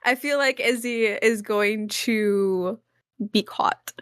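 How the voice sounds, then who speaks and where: A woman's voice: a little high, slow pace, a bit bright, clear, resonant tone, dry recording, studio quality. A young woman playing a tabletop game, chatting casually with lots of fillers and swearing. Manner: casual, swears, says like a lot. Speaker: player. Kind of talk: casual chat.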